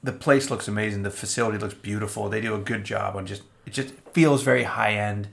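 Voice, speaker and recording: Male co-host with a gravelly voice who rambles through his stories in casual chat. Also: on the low side, fast talker, fairly bright tone. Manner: rambling storyteller with restarts. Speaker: podcast co-host. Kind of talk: casual beer-tasting chat.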